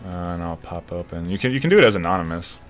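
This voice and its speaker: A man's voice: deep voice, expressive, fast, soft background music. A man casting a live esports match, rambling loosely and swearing casually. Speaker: esports shoutcaster. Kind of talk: casual live stream commentary.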